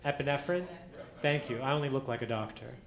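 A man performing a stand-up comedy set on a club stage, telling deadpan stories with acted-out quotes. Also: mid-range voice, brisk. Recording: echoey club with audience noise. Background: audience laughter.

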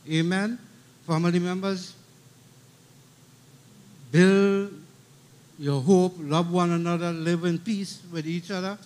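High-voiced Trinidadian preacher. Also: male voice, a little mellow. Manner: emphatic preaching, repeats key lines, calls for amens. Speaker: preacher at a funeral. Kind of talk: funeral sermon.

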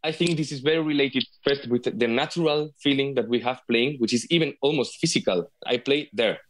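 Appearing as a guest on a video call, a Spanish-accented flutist from Spain chats in a casual interview. He speaks in a mid-range voice, frequently stopping, restarting, and repeating words.

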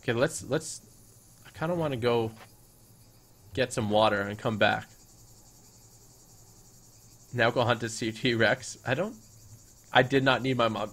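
A young man gives playful, hammy commentary over his game in an ordinary mid-pitched voice. He jokes with the creatures on screen in mock-grand lines. Now and then he breaks into loud excited shouts. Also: a little slow, pauses often. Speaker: gaming YouTuber. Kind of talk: let's-play commentary.

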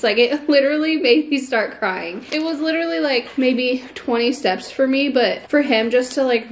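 A young pregnant woman talks to her phone camera in a loose, chatty vlog voice, peppering every sentence with fillers. Her voice sits a little high. A faint hiss of noise stays underneath. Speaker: vlogger. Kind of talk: casual vlog chat. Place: home and out running errands.

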